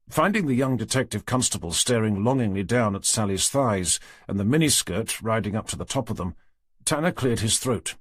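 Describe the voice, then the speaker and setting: Male audiobook narrator, husky, expressive pitch, dry. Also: no room sound. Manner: measured, low-key storytelling. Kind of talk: scripted narration.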